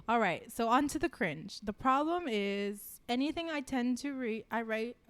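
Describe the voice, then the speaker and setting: A woman's voice: on the high side, moderate pace. A young woman co-hosting a casual podcast, chatting and laughing, and reading a listener's story aloud. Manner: giggly, animated. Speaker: podcast co-host.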